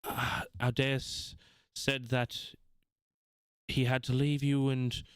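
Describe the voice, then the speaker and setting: A man voicing a young high elf princess who speaks formally and gratefully. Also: flat delivery, takes it slowly, clean tone, no echo, clean studio sound, natural voice. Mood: gracious.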